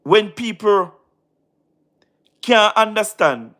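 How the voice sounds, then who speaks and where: A man's voice: high-pitched, animated, drawn-out words, a bit bright. A man with a Jamaican accent hosting a casual live stream, tired, mixing patois into his talk and repeating his points as he answers viewers by name. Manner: repeats phrases, mixes in patois, talks to chatters by name.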